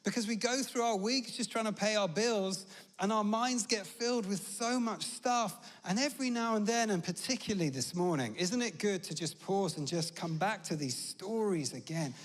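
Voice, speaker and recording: A man's voice: high-pitched, moderate pace. A British man giving a conversational sermon in a church, telling stories with humorous asides. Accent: British English. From Britain. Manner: chatty storytelling, humorous asides. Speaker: preacher. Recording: long church reverb.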